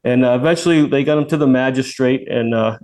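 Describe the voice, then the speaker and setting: A man in later life, a retired federal agent, is a guest on a radio show telling a long, casual story, speaking fast in a mid-range voice. He's animated, acts out the voices of the people involved, and often restarts his sentences.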